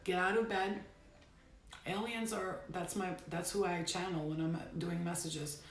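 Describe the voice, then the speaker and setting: A woman's voice: fairly low pitch, fairly even intonation, unhurried, a little hiss or hum. Blunt, emphatic woman in an echoey bedroom. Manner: blunt, emphatic, swears casually. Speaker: tarot reader. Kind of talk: casual spiritual reading to camera. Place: bedroom at home.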